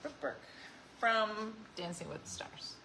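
A woman's voice: mid-range voice, expressive, slow pace, pushed and bright, slight background noise, poor audio. A woman hosting a casual chat show, talking with viewers, laughing often and acting out what people said. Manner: chatty, laughs often, acts out quoted voices. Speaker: host.

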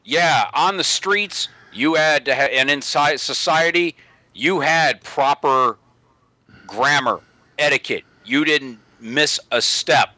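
Bright-voiced man rambling in a dry room. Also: a little high, slow, dry recording. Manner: rambling, corrects himself mid-thought. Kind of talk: casual panel chat.

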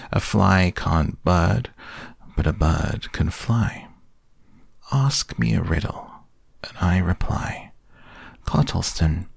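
A man voicing a kindly, simple-minded teddy bear in a storybook reading, who sings softly and half whispers. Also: deep voice, creaky, slightly rough, dry recording, clean studio sound, heavily acted.

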